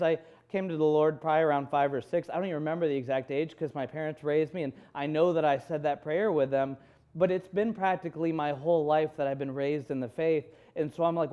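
Mellow, smooth-voiced man preaching. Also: fairly high pitch, brisk, dull audio. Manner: candid storytelling with quoted inner dialogue. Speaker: pastor. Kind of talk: sermon.

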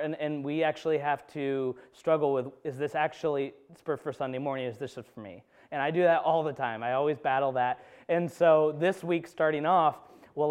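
A pastor preaching a conversational sermon in a church, telling personal stories with self-deprecating humor. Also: male voice, fairly high pitch, clean tone. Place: church sanctuary.

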